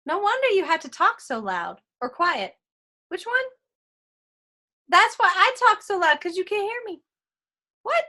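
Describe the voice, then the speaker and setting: Very high, lively, cheering woman. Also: a little slow, pauses often. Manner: cheering, playful, sing-song encouragement. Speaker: guest friend. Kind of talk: casual chat.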